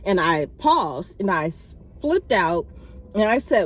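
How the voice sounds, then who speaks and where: A woman vlogger telling a personal story to camera in a casual, animated way, acting out quoted exchanges. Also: slow pace, breathy edge. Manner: animated, acts out quoted exchanges with big pitch jumps; many fillers and restarts, talks to viewers directly.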